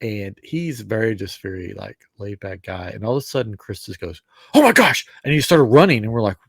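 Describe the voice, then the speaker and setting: A man's voice: lowish voice, a little fast, gravelly, dry recording. A man co-hosting a podcast in casual chat, telling stories and acting out what others said. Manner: animated storyteller, acts out quotes. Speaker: podcast co-host.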